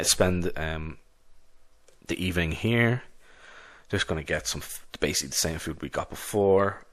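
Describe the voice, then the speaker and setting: A man's voice: low-pitched, a bit bright. A man narrating a solo tabletop game in a casual, rambling way. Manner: casual, rambling, many restarts.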